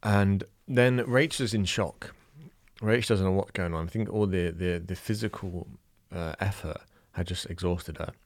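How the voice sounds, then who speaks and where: A young Irish man, a new father with a low, deep voice, tells the story of a birth in a halting, emotional way, often restarting his sentences. The recording is close and dry, with no room sound or echo.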